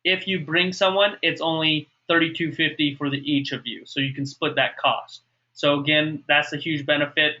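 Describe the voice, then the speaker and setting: A man's voice: a little high, fairly even intonation, normal speed, bright, forceful tone. A man coaching a webinar group on fitness and mindset, upbeat, often checking for questions. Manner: upbeat, repeats okay and asks for questions. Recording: muffled lo-fi webinar audio.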